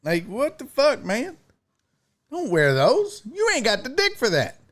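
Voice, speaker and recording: A man's voice: very high voice, wildly swooping pitch, a little slow, a bit bright. A man hosting a casual live-stream talk show, reading chat messages and riffing with profanity and laughter.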